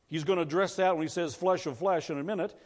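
Fast and a little mellow, a man's higher-leaning voice delivers a sermon as pastor. He chats with the congregation and asks them questions, all under the long reverb of a church hall.

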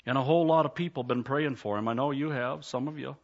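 A man's voice: medium pitch, fast talker. A man, a pastor, preaching a sermon in a church, plainspoken and folksy, telling a story before a rising altar call. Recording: slightly dull lo-fi sound.

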